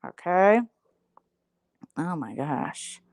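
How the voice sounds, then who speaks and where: A woman's voice: lowish voice, big pitch swings, very slow, a little mellow, dry recording. A woman hosting a casual livestream chat, gossiping sarcastically and slipping into imitations. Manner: gossipy, sarcastic, slips into mimicry. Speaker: host.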